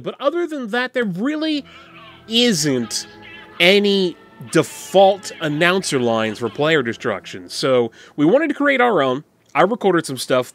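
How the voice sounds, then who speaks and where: A man's voice: medium pitch, a bit bright. A man casually walking through a game map he built, rambling and thinking aloud with frequent fillers.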